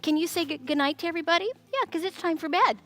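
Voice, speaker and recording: A woman hosting a children's church story time, speaking in an animated, sing-song way to young kids. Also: extremely high pitch, fast.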